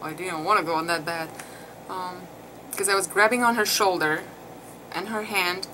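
With a lowish, bright voice and a forceful tone at normal speed, a mother recounts her birth story for her vlog viewers. She is emotional and chatty, uses many fillers, and the rough recording carries clearly audible background noise.

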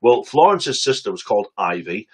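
A man preaching on a webcam stream, telling a story with lively acted-out quotes and quick asides. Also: fairly low pitch, breathy edge, poor audio.

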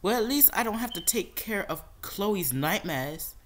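A woman's voice: medium pitch, lively intonation, a little slow. A woman recording bloopers for a home-made audio drama, laughing and bossily restarting takes. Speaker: amateur voice actor.

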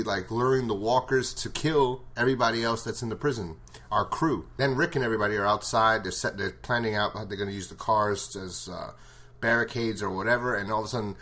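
A man's voice: lowish voice, a bit bright, a little hiss or hum. A man giving a casual episode recap, blunt and full of swearing. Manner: blunt and profane. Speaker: show reviewer.

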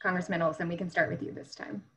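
A woman's voice: on the low side, fairly even intonation, quick pace, fairly bright tone, husky, low-quality recording. A woman moderating a webinar, introducing and reading out audience questions.

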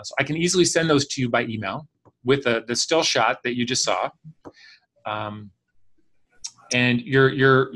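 A man speaking as a guest on a video call, telling a long story and acting out the people in it. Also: mid-range voice. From Chicago area. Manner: animated storyteller acting out quoted voices. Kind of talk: storytelling in an online class.

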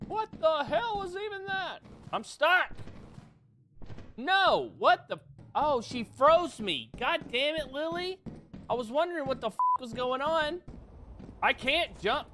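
A man streaming a game in casual chatter, excitable, swearing a lot and yelping the same words over and over. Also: very high voice, takes it slowly, long pauses. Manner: excitable, swears a lot, yelps and repeats himself.

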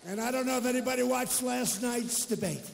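A man's voice: very high-pitched, a little fast, vocal fry, long reverb tail, slight background noise. An older man giving a political rally speech, boastful and repetitive, full of off-the-cuff asides. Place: large arena rally.

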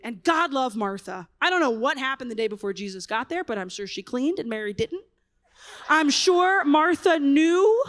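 High-voiced woman telling lively stories. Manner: animated, expressive, wry. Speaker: conference speaker. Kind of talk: humorous storytelling talk.

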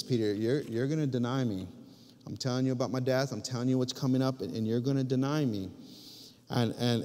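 A male pastor preaching a sermon, emphatic and full of restarts, with sudden drops to hushed, near-whispered lines. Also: medium pitch. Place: church sanctuary. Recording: long reverb of a church hall.

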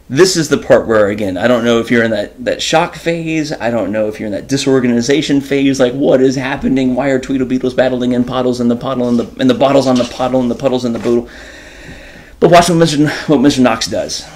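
Animated man hosting a casual lesson. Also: medium pitch, a little fast. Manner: animated, informal, many fillers. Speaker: host and teacher. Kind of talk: casual enrichment lesson, reading a children's book.

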